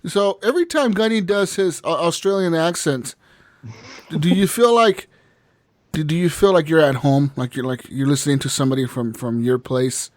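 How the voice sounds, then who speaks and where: A man's voice: fairly high pitch, moderate pace, no room sound. A man hosting a casual gaming podcast, loose and laughing, swearing now and then. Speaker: podcast host.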